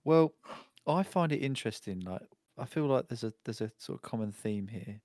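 A man's voice: mid-range voice, expressive, normal speed, darkish tone, no echo. A man co-hosting a comedy podcast, musing in a rambling, jokey way with plenty of fillers. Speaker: podcast co-host. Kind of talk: casual comedic chat.

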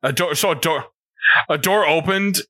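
A man playing a tabletop game, quick, joking and giggly. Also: on the high side, bright, forceful tone, dry recording. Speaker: player.

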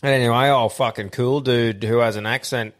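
A man's voice: mid-range voice, steady tone, fairly quick. A young Australian man from Central Queensland chats on a podcast with his mates. His talk is loose and full of swearing, and he acts out the people in his stories. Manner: swears freely, acts out other people in anecdotes. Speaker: podcast host. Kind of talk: casual chat, storytelling.

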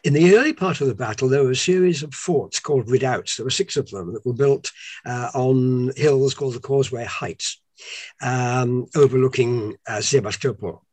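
A British man explaining history in a relaxed conversational way at home, with many uhs and restarts. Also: mid-range voice, moderate pace, dry recording. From Britain. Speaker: historian guest. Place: home lounge.

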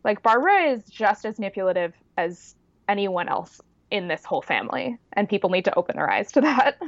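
A woman co-hosting a casual chat, frank and agreeable, with quick reactions. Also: medium pitch, sing-song, no room sound. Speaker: podcast co-host. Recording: dry, dull lo-fi sound.

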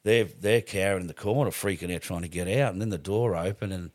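Australian man, very low voice, dry close sound, swears a lot, rambling storyteller. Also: fast, dry recording. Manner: swears freely, rambling with restarts. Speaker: podcast guest. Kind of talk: casual storytelling.

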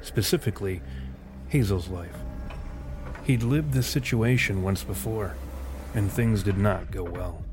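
A man narrating a scripted story in a measured, literary way. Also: fairly low pitch, background noise.

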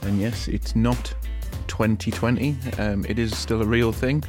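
A man hosting a solo podcast, talking in a casual, frank, rambling way with a croaky voice from a recent illness. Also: lowish voice, steady tone, measured pace, music in the background. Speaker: podcast host.

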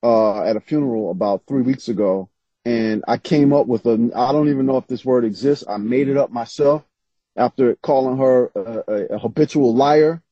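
A man's voice: medium pitch, normal speed, no echo. A man, an author guest, telling stories in casual interview chat with frequent laughs. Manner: animated storytelling, laughs often. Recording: slightly dull lo-fi sound.

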